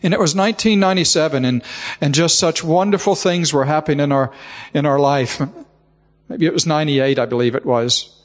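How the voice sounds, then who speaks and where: A man with a high voice delivers a sermon. He tells a family story with heartfelt feeling and often leans on the word "just." His voice rings with the long reverb of a church hall. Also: fairly quick. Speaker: preacher.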